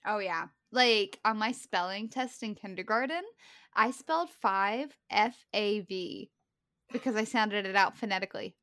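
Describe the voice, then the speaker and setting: A woman from West Virginia with a Midwestern accent, co-hosting a Bible study podcast in casual, animated chat over a video call. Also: mid-range voice, unhurried. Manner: chatty, animated storyteller.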